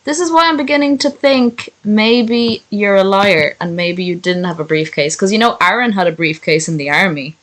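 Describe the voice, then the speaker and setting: A woman's voice: mid-range voice, animated, normal speed, few pauses, a bit bright, poor audio. Sweary woman streamer chatting casually. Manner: sweary, self-mocking. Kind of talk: casual stream chat and reading aloud.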